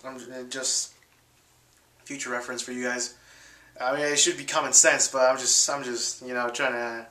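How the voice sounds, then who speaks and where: A man's voice: mid-range voice, flat delivery, normal speed, bright, forceful tone, roomy sound. A young man telling a story casually to his viewers, full of fillers and restarts, acting out quotes in a raised voice. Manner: rambling, many fillers and restarts. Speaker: vlogger.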